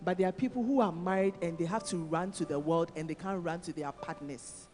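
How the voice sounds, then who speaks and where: A woman's voice: fairly low pitch, a little fast, a little mellow. A woman with a Ghanaian accent giving a sermon at a conference, teasing and calling on audience members by name. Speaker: conference speaker. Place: church hall. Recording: long hall reverb, faint music.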